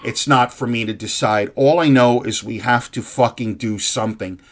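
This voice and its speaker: A man's voice: mid-range voice, steady tone, moderate pace. A man delivering an angry, heartfelt ranting monologue to his viewers, profane and rambling with frequent restarts. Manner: earnest and heartfelt.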